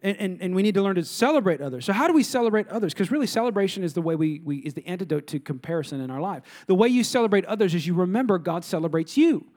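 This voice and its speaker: A man's voice: high voice, expressive, very fast, few pauses, a little mellow. A middle-aged male pastor preaching a sermon, full of rhetorical questions and mock voices of complainers.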